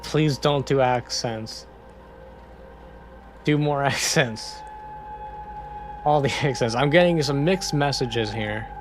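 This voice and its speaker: A man playing a detective game, casually reading its text aloud and thinking out loud between lines. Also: medium pitch, takes it slowly, long pauses, soft background music. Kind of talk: let's-play narration.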